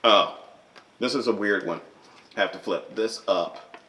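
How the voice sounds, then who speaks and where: A man with a somewhat low voice chats off the cuff to his camera, showing off pieces from his movie collection. He rambles, trips over himself with fillers and restarts, and jumps up in excitement when something grabs him. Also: measured pace, slight background noise. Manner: rambling and animated, with frequent fillers and self-corrections. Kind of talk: unscripted casual vlog.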